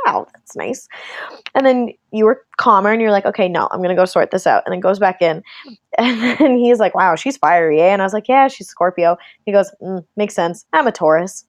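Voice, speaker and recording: A woman's voice: medium pitch, no echo. A young woman casually telling a story to a friend, laughing often and acting out what people said. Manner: animated, laughing often, quoting people in voices.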